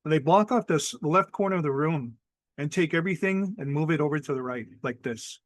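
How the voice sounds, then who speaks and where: A man from Hawaii telling a ghost story over a video call in a measured, vivid way. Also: fairly high pitch, dry recording. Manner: measured, vivid, acts out quoted people.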